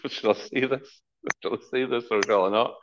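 A man's voice: mid-range voice, a little slow, muffled recording, noisy background. A middle-aged man, a pastor, preaching a conversational sermon and acting out the voices in his stories. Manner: lively, conversational preaching with acted-out quotes.

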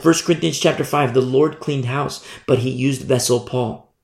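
A man preaching a sermon, repeating and stressing points, his voice climbing high when emphatic and stumbling over words as he works through scripture verse by verse. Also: normal speed, creaky, echoey room. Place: church.

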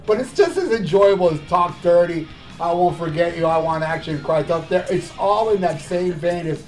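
A man's voice: high voice, moderate pace, soft background music. A man casually reviewing songs, sarcastic and crude, swearing and laughing as he talks. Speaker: podcast host reviewing albums.

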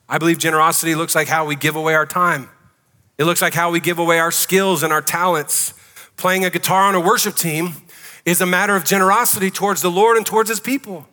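A man's voice: a little high, pushed and bright, big-room sound. A man preaching a sermon as pastor, emphatic and conversational, asking the congregation questions. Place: church sanctuary.

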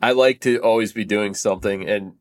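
A man's voice: lowish voice, a little fast. A man chatting casually as a podcast guest, laid-back and laughing often. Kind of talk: casual chat. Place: on a train.

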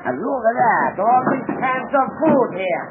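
A man's voice: very high voice, expressive, measured pace, phone-quality sound, over loud music. An actor playing a wily foreign henchman who speaks broken English in a 1940s radio drama. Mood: coaxing. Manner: broken English, sly and coaxing. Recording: scratchy noisy 1940s radio broadcast.

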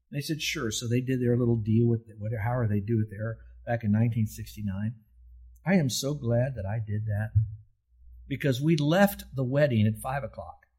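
An older man preaching a sermon as pastor, asking rhetorical questions and stretching key words slowly for emphasis. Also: medium pitch, a little mellow, husky.

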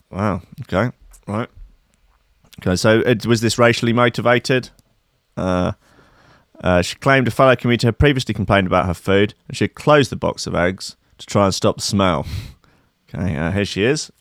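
A man's voice: fairly low pitch, expressive, normal speed, dry recording, clean studio sound. A man hosting a show, reading out news stories in casual commentary with sardonic, laughing asides. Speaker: host.

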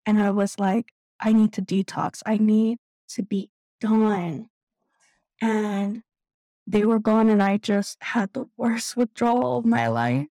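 Woman, 30s, raw personal testimony; mellow, slightly high voice, on the verge of tears, dry recording. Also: no echo, rough recording. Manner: candid, halting, tearful at times. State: close to tears. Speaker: guest sharing recovery story.

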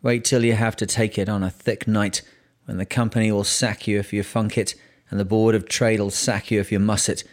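A man reading the lines of a testy, grumbling old sea captain in his sixties with a gruff, growling voice. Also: on the low side, little pitch movement, a little fast, natural voice. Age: 60s. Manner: bitter, grumbling. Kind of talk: audiobook character voice.

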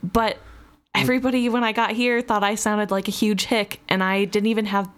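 A woman's voice: medium pitch, little pitch movement, moderate pace, smooth. Young woman, from the Midwest, podcast co-host, casual chat, giggly, talkative. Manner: giggly, chatty, laughs between thoughts.

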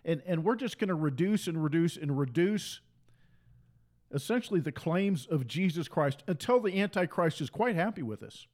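A man's voice: fairly high pitch, expressive, normal speed, darkish tone. Fervent man preaching, raised voice. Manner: fervent, repetitive, mocks opponents in sing-song asides. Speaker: preacher on a livestream. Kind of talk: impassioned preaching monologue.

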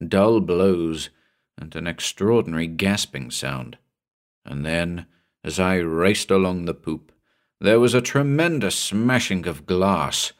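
A man narrates a horror story aloud in a measured, dramatic way. His voice sits on the low side. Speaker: audiobook narrator.

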